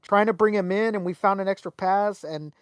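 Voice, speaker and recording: A young man with a high-pitched voice talks fairly quickly in a clean, echo-free recording. He's co-hosting a podcast, casually chatting and telling a story animatedly, acting out quotes and swearing freely.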